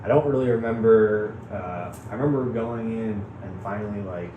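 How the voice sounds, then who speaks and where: A man from Chicago telling a wild personal story in casual chat, animated, laughing often and swearing freely. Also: fairly low pitch, moderate pace, reverberant, narrow, tinny audio, slight background noise. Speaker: guest.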